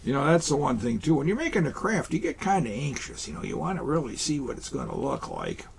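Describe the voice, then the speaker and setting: A man's voice: medium pitch, wildly swooping pitch, fast talker, gravelly, slight background noise. A man playing Santa Claus in a children's craft show, chatting folksily to boys and girls as he works.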